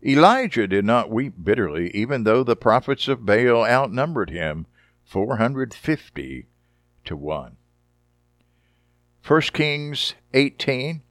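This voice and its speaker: A man preaching a sermon, reading Bible passages dramatically and deliberately and adding short wry comments. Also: mid-range voice, no room sound, studio quality. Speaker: Bible teacher.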